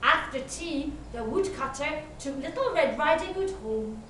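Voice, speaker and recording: Woman, children's story reading, high voice, slow and expressive, very echoey room. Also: far from the mic, slight background noise.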